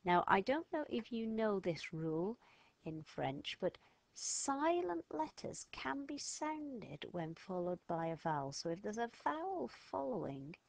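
With a mid-range, somewhat dark voice and no room sound, a French teacher guides children through a lesson. She goes step by step, patiently sounding out letters and words.

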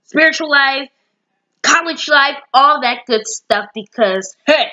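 A woman's voice: high-pitched, slow pace, sharp tone, lo-fi sound. A young woman in her late teens chatting casually to camera with a bubbly, rambling manner and many fillers. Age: young adult. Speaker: vlogger.

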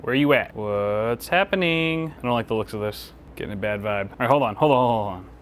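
A man, a tech video host, chatting casually to himself while he works, joking, sometimes loud and excited and sometimes muttering low. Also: fast, a little hiss or hum. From United States. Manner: chatty, self-talking, jokey, swings between loud excitement and muttering. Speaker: tech YouTuber. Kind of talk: casual vlog narration while working. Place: small studio office.

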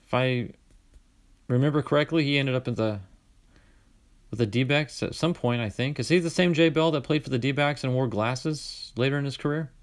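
A man's voice: medium pitch, normal speed. Chatty man opening cards. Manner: chatty, reads names aloud, bursts of excitement. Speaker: card-collecting channel host. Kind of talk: casual card-opening commentary.

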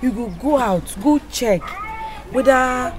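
A woman's voice: high-pitched, slow, background noise. A young actress playing a reassuring schoolgirl friend who speaks Nigerian Pidgin. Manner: reassuring, casual. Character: reassuring teenage girl friend, easygoing.

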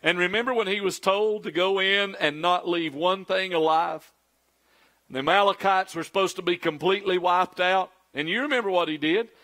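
A man's voice: high-pitched, normal speed, sharp tone. A middle-aged man preaching a sermon as pastor, acting out quoted pleas in a raised, pleading voice.

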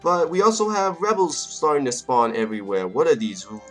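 A man's voice: on the high side, sing-song, fairly quick, fairly bright tone. A young man casually commenting on his strategy game as he plays, joking and talking to the nations on screen. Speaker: let's play gamer. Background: faint game music.

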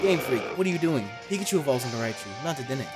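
A young gaming commentator, loud and unruly, cursing freely as they play. The voice swings widely up and down in pitch. A faint bed of music sits under the desk-mic recording. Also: rapid-fire. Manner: loud, profane, animated. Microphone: desk mic with facecam.

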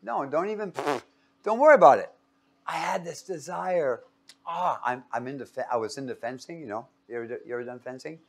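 With a medium-pitched, expressive voice touched by vocal fry, a man speaks a little fast as he teaches a Bible class to a live group. He keeps things playful, quizzing his listeners and trading jokes with them.

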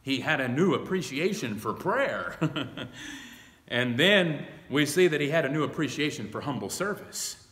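A man preaching a Bible study sermon, reading scripture aloud slowly and with emphasis. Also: fairly high pitch, lively intonation, fairly bright tone, echoey room, long reverb tail. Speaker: pastor. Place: church sanctuary.

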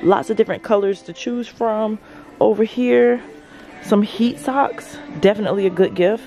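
A woman talks excitedly into her phone while walking through a big store, gushing over everything she finds. Her pitch sits in the middle range. Faint store music plays in the background. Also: moderate pace. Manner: gushing, excitable, addresses viewers as y'all. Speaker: vlogger. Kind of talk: shopping vlog narration. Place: large store indoors.

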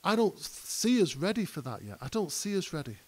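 Fairly high-voiced preacher. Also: male voice, big pitch swings, a little fast, a little mellow. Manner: conversational preaching, builds to emphatic peaks. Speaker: pastor. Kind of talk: sermon. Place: church hall.

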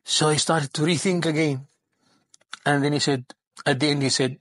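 Husky man telling a moral story. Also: fairly high pitch, fairly even intonation, normal speed, long pauses, fairly bright tone, dry recording, clean studio sound. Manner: conversational, sprinkles Arabic religious phrases.

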